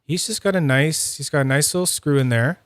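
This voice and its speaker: A man's voice: fairly high pitch, brisk, fairly bright tone, clear, resonant tone, no echo. A man with a Canadian accent hosting a live stream in casual, playful chat, laughing often. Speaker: stream host.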